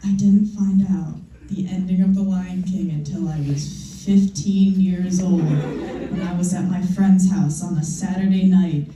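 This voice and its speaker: A young adult woman with a lowish voice, fairly even intonation and a slightly slow pace performs a stand-up set at a live comedy show. She tells self-mocking stories in a loose, conversational way, captured in an echoey, noisy room with the mic far away.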